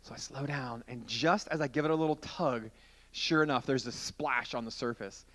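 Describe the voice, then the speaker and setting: A man preaching to a youth group, telling a long story in a chatty, animated way and acting out the scenes as he goes. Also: medium pitch, moderate pace. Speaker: youth pastor.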